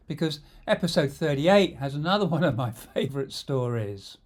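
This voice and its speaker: A middle-aged man telling stories from his own life in an unhurried, conversational way. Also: mid-range voice. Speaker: storyteller and coach. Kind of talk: memoir storytelling.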